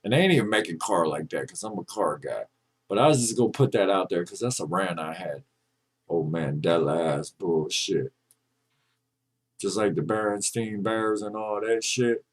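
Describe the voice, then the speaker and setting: A man's voice: deep voice, lively intonation, normal speed. A man co-hosting a podcast in casual chat, ranting and joking with a lot of swearing. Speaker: podcast co-host.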